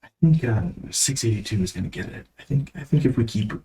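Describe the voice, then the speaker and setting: A man's voice: medium pitch, lively intonation, fast talker, warm tone, recorded from a distance, a little hiss or hum. A man playing a tabletop game, easygoing and a little hesitant as he states his moves. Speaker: player. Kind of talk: casual tabletop play.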